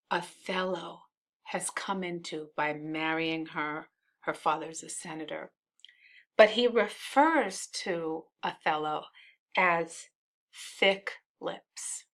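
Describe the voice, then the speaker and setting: A woman's voice: fairly low pitch, a bit bright. A woman teacher explaining a play she reads aloud, addressing her students directly. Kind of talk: classroom read-aloud with explanations.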